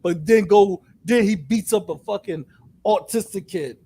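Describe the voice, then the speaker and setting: High-voiced animated man venting. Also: measured pace, husky. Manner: animated, profane, mimics people. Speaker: co-host. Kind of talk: casual chat.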